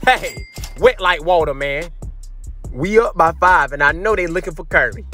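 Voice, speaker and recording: A young man giving loud, animated trash-talk commentary over his basketball video game to his chat, sometimes slipping into a sing-song. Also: a little high, moderate pace, faint music behind. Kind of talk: hyped gameplay commentary.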